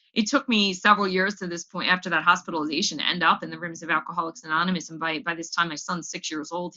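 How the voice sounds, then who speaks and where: A young woman tells her own story of recovery at a meeting, candid and raw, sometimes stumbling over repeated words. Her voice sits slightly low in pitch but has a bright, forceful edge. The recording is dull and lo-fi. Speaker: AA speaker sharing her story. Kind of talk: personal recovery testimony.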